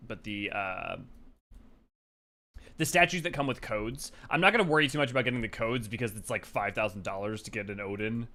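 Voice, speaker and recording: A man's voice: on the low side, pushed and bright. A young man hosting a game stream, chatting casually with many fillers and some swearing. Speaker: streamer host. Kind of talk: casual live-stream chat.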